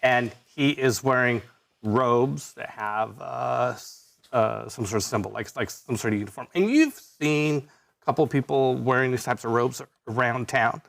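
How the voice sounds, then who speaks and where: A man running a live tabletop game as game master, with a gravelly edge of vocal fry. He talks haltingly, with plenty of fillers and restarts, at a middling pitch. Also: fairly bright tone. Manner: halting, many fillers and restarts, laughs easily.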